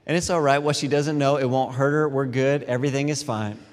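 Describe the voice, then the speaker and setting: A middle-aged man preaching a sermon as a pastor, telling animated, self-deprecating stories between scripture readings. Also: medium pitch, a little fast. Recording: long reverb in a large hall with faint music.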